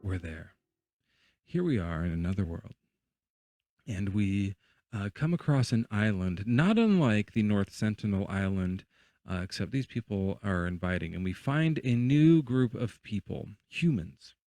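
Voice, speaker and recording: Low-voiced man spinning a casual hypothetical. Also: sing-song, measured pace, warm tone, no echo. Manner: rambling, playful storytelling with fillers. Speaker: livestream host. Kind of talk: casual debate chat.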